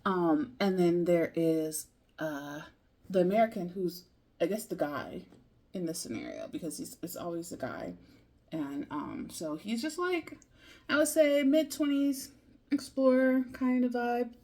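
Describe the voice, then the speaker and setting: Slow, rambling woman learner. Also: fairly low pitch, lively intonation, darkish tone. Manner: thinking aloud, loose and rambling. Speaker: language learner. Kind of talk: casual video diary.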